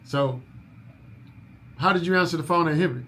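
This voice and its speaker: A man's voice: on the high side, very fast, sharp tone, slight background noise. A man leading a staff orientation in a coaching manner, repeating his key points and asking if people follow. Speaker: business owner training new staff.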